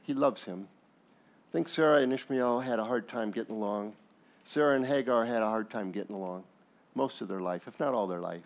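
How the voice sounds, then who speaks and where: A man's voice: mid-range voice, creaky. A male pastor preaching a sermon, telling the story with jokes and acted asides.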